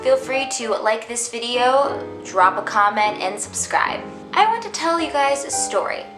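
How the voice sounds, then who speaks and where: In an echoey room with music in the background, a young adult vlogger spins a casual, dramatic storytime full of "like." Her voice sits on the high side, animated, at a measured pace.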